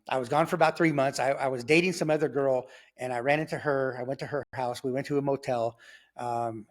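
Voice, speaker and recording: A man, telling his life story in a casual, animated way, acting out quotes and laughing as he goes. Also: mid-range voice. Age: 50s. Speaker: guest telling his testimony. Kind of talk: conversational storytelling.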